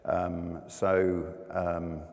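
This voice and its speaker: A man preaching a sermon, earnest and conversational, pausing and restarting as he tells a personal story. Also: low voice, flat delivery, darkish tone. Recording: long hall reverb.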